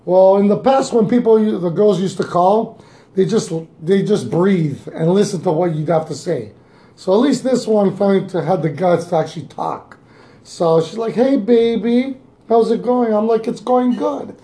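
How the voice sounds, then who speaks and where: A man's voice: sits high, moderate pace, mellow, reverberant. A young man co-hosting a podcast, telling a story in a laid-back casual way and chuckling often. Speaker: podcast co-host. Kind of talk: casual chat.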